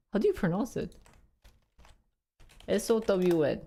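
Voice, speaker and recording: Slow-talking woman chatting on stream. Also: medium pitch, big pitch swings, gravelly, warm tone. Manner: chatty, laughs often, searches for words. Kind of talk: casual live-stream chat.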